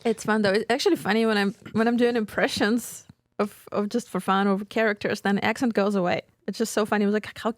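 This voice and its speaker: A woman with a Slavic accent, a voice actress chatting as a guest on a podcast, animated and laughing as she explains. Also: mid-range voice, fairly quick, few pauses, no room sound. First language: a Slavic language. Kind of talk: casual podcast chat.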